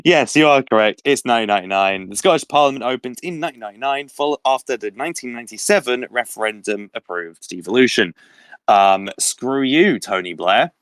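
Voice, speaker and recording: A man's voice: medium pitch, animated, fast, hardly any pauses, fairly bright tone, clean tone, no echo. Young man hosting a casual quiz. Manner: reads questions and options aloud, laughs often. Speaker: quiz host.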